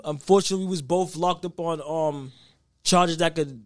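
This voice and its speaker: A man's voice: fairly high pitch, normal speed, dry recording, clean studio sound. A young man, a guest rapper, chatting casually on a podcast and telling his story with loose asides and frequent "you know what I mean.".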